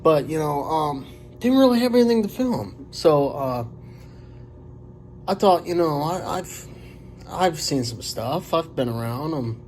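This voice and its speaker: A man's voice: on the high side, expressive, a little mellow. Rambling forty-year-old man telling stories. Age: 40s. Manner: rambling, halting, many fillers and restarts. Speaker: vlogger. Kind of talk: casual storytelling to camera.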